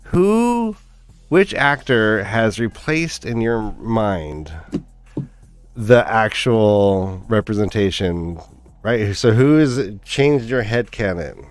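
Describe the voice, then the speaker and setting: A man's voice: on the low side, lively intonation, slow, clean tone. Joking man co-hosting a reaction chat. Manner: jokey, leads topics, acts out scenes in quoted voices. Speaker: podcast co-host. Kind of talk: casual group reaction chat.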